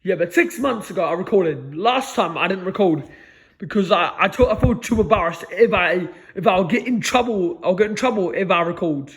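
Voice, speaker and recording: A man rambling in a solo recording, stammering and restarting, and tagging phrases with a low muttered "lads". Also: lively intonation, normal speed. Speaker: vlogger.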